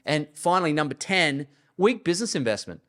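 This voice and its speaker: A man's voice: on the high side, big pitch swings, a little fast, fairly bright tone. An Australian man, an investor and entrepreneur, giving blunt, emphatic unscripted commentary, often checking in with "okay?".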